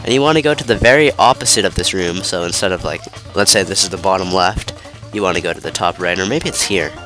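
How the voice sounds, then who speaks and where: Low-voiced stuffy young man rambling. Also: fast talker, bright, forceful tone. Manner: rambling, self-interrupting, lots of fillers. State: stuffy, nasal from a cold. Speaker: let's play commentator. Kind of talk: casual gameplay commentary. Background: game music.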